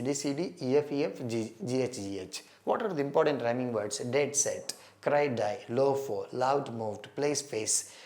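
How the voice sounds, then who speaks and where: A man's voice: mid-range voice, darkish tone. A man giving an exam-prep lecture, asking and answering his own questions and repeating key points. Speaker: English teacher.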